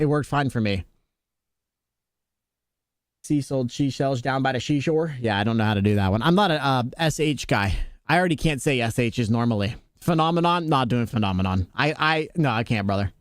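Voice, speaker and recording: A man's voice: lively intonation, fast talker, no echo, studio quality. A young adult man streaming a game, chatting casually with viewers in a laid-back, jokey way. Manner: laid-back, jokey, talks to chat, playful pitch jumps on jokes. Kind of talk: casual chat with live chat while gaming.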